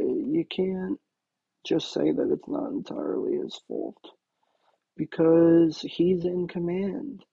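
A man's voice: on the high side, vocal fry, breathy edge, dry recording, narrow, tinny audio. A man hosting a talk show, rambling casually with many fillers and restarts. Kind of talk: casual monologue.

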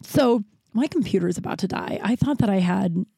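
A woman's voice: medium pitch, lively intonation, fairly quick, gravelly, dark tone, slightly rough, no room sound. A woman in her thirties from Colorado hosting a podcast, telling comic stories in a rambling, profane way and laughing often. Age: 30s. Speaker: podcast host. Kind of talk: casual comedic storytelling.

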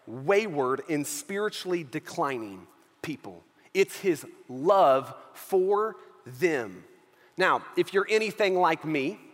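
A man's voice: sits high, fairly bright tone, big-room sound. A man preaching a sermon as pastor of his church, emphatic and repeating key phrases, often checking in with his listeners.

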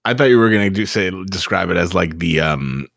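A man's voice: low voice, lively intonation, fairly quick, creaky, fairly bright tone, dry recording, studio quality. A man playing in a tabletop game, joking wryly with the game master. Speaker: player.

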